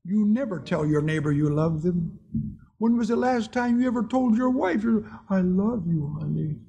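Man, preacher, sermon, husky, raspy, fairly high pitch, earnest storytelling. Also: fairly even intonation, moderate pace, dark tone, highs cut off. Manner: earnest storytelling, chuckling at own anecdotes.

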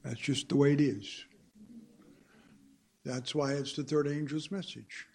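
A male preacher delivering a sermon in a slow, deliberate way. His voice is gravelly and a bit husky, and it swells and drops for emphasis while he puts rhetorical questions to the congregation. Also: on the high side, steady tone, darkish tone.

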